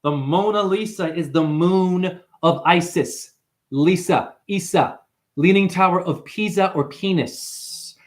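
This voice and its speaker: A man's voice: high-pitched, takes it slowly. A man ranting on a livestream to his chat, profane and impassioned, jumping from one wordplay to the next. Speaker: livestream host. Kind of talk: rambling livestream rant to chat.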